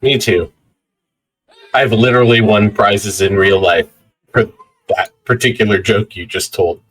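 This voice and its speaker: A man's voice: fairly low pitch, steady tone, measured pace, fairly bright tone, slightly rough, poor audio. A man chatting casually and telling anecdotes as a player in a tabletop game.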